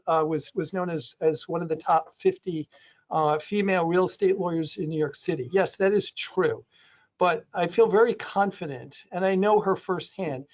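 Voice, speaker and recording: A man with a fairly high voice talks on a panel in a loose, rambling way. He restarts sentences often and leans on fillers as he goes. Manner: does playful voices for quotes. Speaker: panelist on a real estate crowdfunding webinar. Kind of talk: conversational panel talk.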